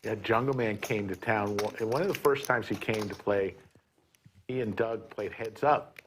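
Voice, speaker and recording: Low-voiced older man telling table stories. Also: normal speed, background noise. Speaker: poker player. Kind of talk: table chat at a live poker stream.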